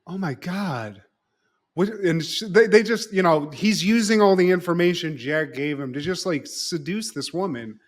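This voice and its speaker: A man co-hosting a podcast, telling a plot story in an animated, profane, casual way. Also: high voice, moderate pace. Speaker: podcast co-host. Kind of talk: casual podcast chat recapping a show.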